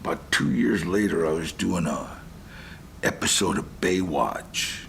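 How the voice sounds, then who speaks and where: Gravelly older man telling lively stories. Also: low voice, measured pace, slight background noise. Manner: rambling, animated, acts out quotes. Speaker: guest. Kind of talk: casual storytelling.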